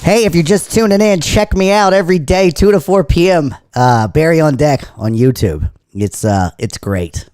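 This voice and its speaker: A man's voice: a little high, moderate pace, darkish tone, dry recording. A man hosting a sports talk livestream with his voice altered by inhaled helium, trading crude jokes and banter with his chat. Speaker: sports talk show host.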